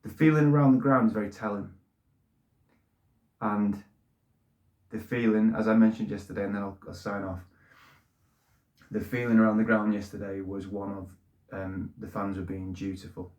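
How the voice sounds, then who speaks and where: Casting middle-aged bloke, lowish voice, plain-spoken fan host, echoey room. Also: male voice, fairly even intonation, normal speed, pauses often, a little mellow, highs cut off. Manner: plain-spoken, repeats words when emotional. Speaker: football fan channel host. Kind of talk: casual opinion monologue.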